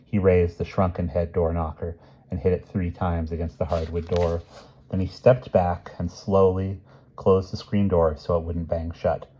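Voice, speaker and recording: A man calmly reading a novel chapter aloud. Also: low voice, normal speed, slightly rough, highs cut off. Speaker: reader.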